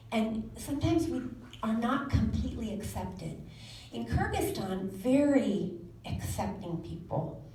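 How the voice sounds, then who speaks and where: A woman in her forties giving a personal talk to an audience, telling stories in a lively way and laughing often. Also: on the high side, slight background noise. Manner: animated storytelling with laughs. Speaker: speaker. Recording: echoey room, mic from a distance.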